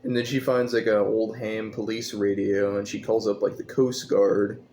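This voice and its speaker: Casting note: a man doing a low-pitched, scornful, rambling movie rant over a faint hum. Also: flat delivery, normal speed, dark tone. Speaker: movie reviewer. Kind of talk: casual rant.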